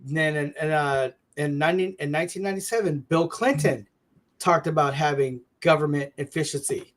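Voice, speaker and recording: Man, co-host, casual debate, fairly high voice, insistent and repetitive. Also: fairly quick. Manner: insistent, repeats his points, stumbles over restarts.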